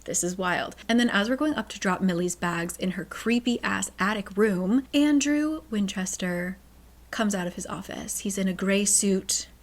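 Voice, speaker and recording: A woman's voice: medium pitch, normal speed. A woman hosting a book channel, recapping a novel in a chatty, casual way with sarcastic asides.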